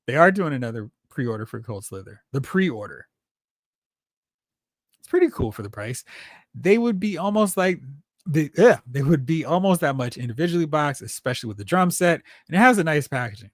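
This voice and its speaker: A chatty, excitable man hosts a live stream and reads viewer comments aloud. His voice sits fairly high. The sound is dry and close, with no room around it. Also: normal speed, no room sound. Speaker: host of a toy collecting show. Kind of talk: casual live-stream chat reading comments.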